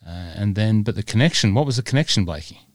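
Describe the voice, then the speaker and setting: Deep-voiced man rambling on a podcast. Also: animated, fast, no echo, studio quality. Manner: rambling, lots of fillers. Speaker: podcast co-host. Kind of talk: casual chat.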